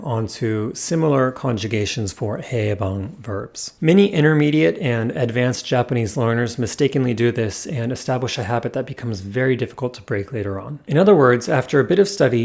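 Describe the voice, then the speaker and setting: A man giving a scripted lesson as a language teacher, explaining in a clear, measured way. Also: medium pitch, darkish tone. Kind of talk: scripted educational narration.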